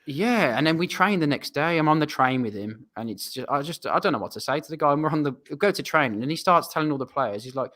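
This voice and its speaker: A man's voice: fairly high pitch, animated, quick pace, few pauses, fairly bright tone. A young English man, a footballer guest, telling a long rambling anecdote in a casual, self-deprecating way. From England. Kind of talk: casual storytelling.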